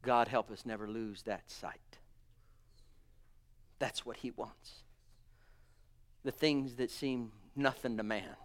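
A man preaching a sermon with fervor, swinging between booming exclamations and hushed murmurs, calling his listeners honey and sweetheart. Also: slow pace, pauses often.

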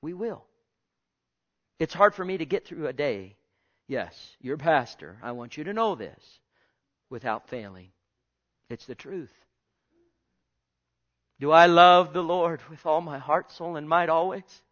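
A male pastor preaching a sermon, swinging between loud and hushed and repeating his phrases, with questions put straight to the congregation. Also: fairly high pitch, lively intonation, unhurried, pauses often, dull audio. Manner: asks the congregation direct questions.

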